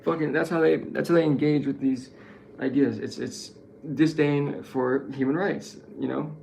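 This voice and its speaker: A man's voice: on the high side, fairly even intonation, normal speed, creaky, darkish tone, a little hiss or hum. A man giving a rambling, profane political monologue who keeps correcting himself. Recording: echoey room with faint ambience.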